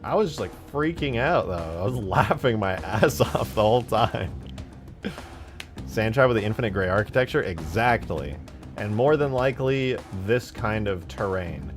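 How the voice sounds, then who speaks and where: A young man chatting casually on a live stream while modding a game, laid-back, breaking into animated storytelling. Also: lowish voice, moderate pace, soft background music. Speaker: streamer and modder.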